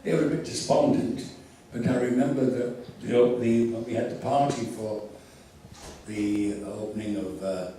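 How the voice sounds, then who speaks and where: An older man telling theatrical, animated anecdotes as a convention guest, recorded from far off in an echoey hall. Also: medium pitch, unhurried, slight background noise. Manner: theatrical, animated storyteller with laughs. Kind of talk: anecdotal storytelling.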